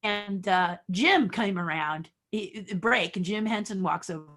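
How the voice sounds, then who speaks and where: An older woman, an animated storyteller, talking as a guest in an interview. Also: medium pitch, unhurried. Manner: animated storyteller, acts out quotes.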